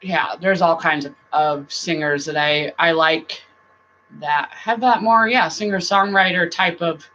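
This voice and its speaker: A middle-aged woman hosting a casual live-stream chat, rambling warmly, laughing often and now and then breaking into song. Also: lowish voice, a little slow. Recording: dull lo-fi sound with faint noise.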